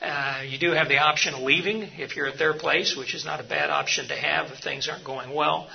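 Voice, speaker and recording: A man's voice: a little high, steady tone, fairly quick, vocal fry, muffled recording. A middle-aged man teaching a seminar session, earnest and anecdotal, with frequent fillers. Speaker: mission hospital leader teaching a session. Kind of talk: seminar talk.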